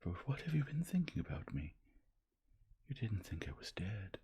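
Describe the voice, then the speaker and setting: A man voicing a sleepy, overjoyed young boy in a breathy whispered role-play. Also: lowish voice, big pitch swings, normal speed, warm tone, pitched above the performer's own voice, heavily acted. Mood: eager whisper.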